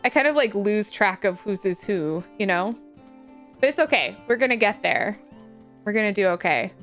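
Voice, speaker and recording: A woman's voice: mid-range voice, animated, normal speed, fairly bright tone, soft background music. A young woman streamer chatting casually while playing a game, in a chatty, self-deprecating, giggly way. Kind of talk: casual gameplay chat.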